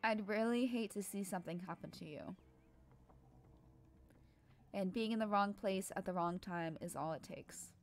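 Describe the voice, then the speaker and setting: A woman's voice: medium pitch, moderate pace, long pauses, a little hiss or hum, natural voice. Woman reading as a stern woman cop. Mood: warning. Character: stern woman police officer, warning and guarded.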